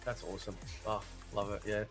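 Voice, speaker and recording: A man chatting in an animated way and swearing freely on a live stream. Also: lowish voice, fairly quick, faint music behind. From Australia. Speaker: podcast guest. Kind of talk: casual live-stream chat.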